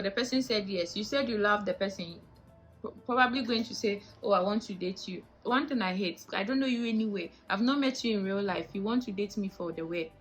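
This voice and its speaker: A young woman with a Ghanaian English accent talks straight to camera in a casual vlog, animated and indignant, firing off rhetorical questions. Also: a little high, rough recording. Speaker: vlogger.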